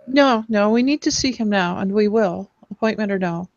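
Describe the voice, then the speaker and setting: Man putting on a high-voiced young hobbit lass, firm, insistent, lo-fi sound. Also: moderate pace, gravelly, no echo. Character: determined young female hobbit.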